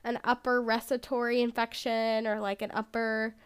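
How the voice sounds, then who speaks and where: Woman podcast host, high clear voice, casual rambling chat, self-deprecating. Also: level tone, normal speed.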